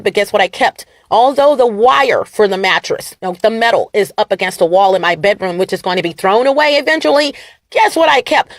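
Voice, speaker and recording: A woman vlogger rambling to her viewers, animated and defiant, laughing and swinging between loud and soft. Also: mid-range voice, no echo, studio quality. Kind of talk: rambling talk to camera.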